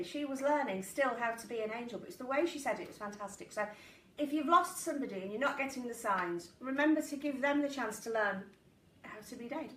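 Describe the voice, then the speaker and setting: Bright chatty woman in an echoey room. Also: fairly high pitch. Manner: chatty, warm-hearted, jokey. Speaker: psychic medium hosting a live stream. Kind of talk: casual live-stream chat. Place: at home. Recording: roomy echo, voice a bit far from the mic, faint background hiss.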